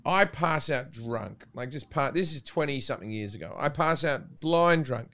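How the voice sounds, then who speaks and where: A man with an Australian accent telling loud, swear-filled anecdotes in casual podcast chat. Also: mid-range voice, animated, moderate pace. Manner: loud, swearing, does silly voices in anecdotes. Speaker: podcast guest. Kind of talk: casual storytelling.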